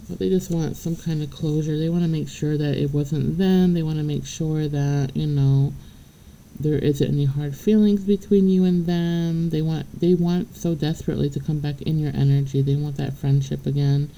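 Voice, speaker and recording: Woman doing a tarot reading, gravelly and kinda dark sounding, swears a lot, keeps going "okay?". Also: deep voice, fairly even intonation, normal speed, a little hiss or hum, poor audio. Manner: blunt and profane, keeps checking in with "okay?"; chatty, laughs between points. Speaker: tarot reader. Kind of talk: casual spiritual reading to the viewer.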